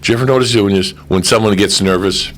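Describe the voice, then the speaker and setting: A man's voice: on the low side, fast talker, a bit bright. A middle-aged man hosting a call-in radio show, joking and rambling in a casual chat with callers. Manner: joking, rambling, puts on comic voices.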